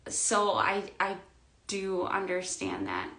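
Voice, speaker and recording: A woman's voice: medium pitch, very animated, takes it slowly. Emotional woman in an echoey room. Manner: intense, swings between loud outbursts and quiet murmurs. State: emotional, near tears. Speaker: spiritual vlogger. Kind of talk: emotional spiritual monologue.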